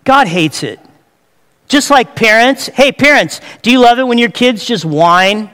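High, smooth-voiced man preaching in a hall. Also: expressive, unhurried, pushed and bright. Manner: conversational preaching with humor, rhetorical questions to the congregation. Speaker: pastor. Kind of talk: sermon. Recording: long hall reverb.

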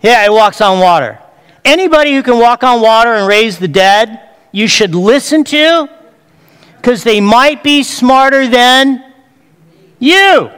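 A man's voice: very high voice, expressive, measured pace, a bit bright, clean tone. A man preaching a sermon in a chatty, joking way, throwing rhetorical questions at his congregation. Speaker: pastor. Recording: long hall reverb.

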